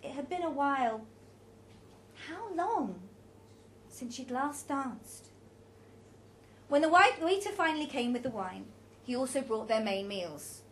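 A woman with a fairly high voice reads a story aloud, expressive and unhurried. She slips into small restarts now and then, and a faint hum of room ambience sits underneath. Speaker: narrator.

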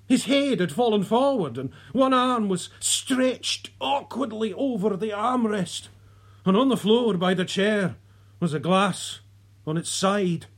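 A narrator reading a story aloud in a soft, unhurried way, sometimes dropping to a whisper. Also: mid-range voice, lively intonation, husky. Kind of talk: audiobook narration.

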